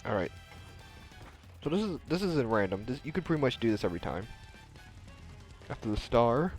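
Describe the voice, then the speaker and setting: Young male streamer, lively up-and-down delivery, casual chatty commentary, faint music underneath. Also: medium pitch, moderate pace. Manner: chatty, answers chat, reads dialogue aloud in voices. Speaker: streamer playing a video game.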